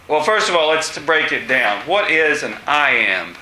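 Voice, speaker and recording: Slow, bright-voiced male teacher. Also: fairly high pitch, big pitch swings, slight background noise. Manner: asks questions, many fillers and pauses. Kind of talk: classroom discussion lesson. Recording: echoey room.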